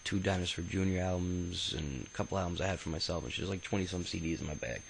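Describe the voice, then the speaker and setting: A man with a very low, gravelly voice tells his own life story like a loose, unscripted chat. He rambles, curses casually, and keeps stumbling over fillers and restarts. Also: fast talker, slight background noise, low-quality recording. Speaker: autobiography narrator. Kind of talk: casual spoken memoir.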